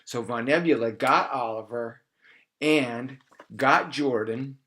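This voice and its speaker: Man, middle pitch, storyteller: improvised kids' tale, playful and animated. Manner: animated, playful, slows for emphasis.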